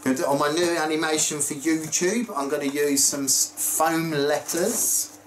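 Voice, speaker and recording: A man vlogging in a casual, chatty way, excitable and prone to squeals of delight. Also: fairly high pitch, moderate pace, roomy sound, slight background noise, rough recording. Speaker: YouTube vlogger. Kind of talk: casual chat.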